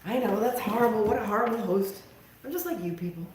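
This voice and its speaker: A woman's voice: mid-range voice, fast, a little mellow, reverberant, a little hiss or hum. Chatty woman hosting a craft livestream. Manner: chatty, self-mocking, talks to viewers while working. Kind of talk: casual live craft stream chat.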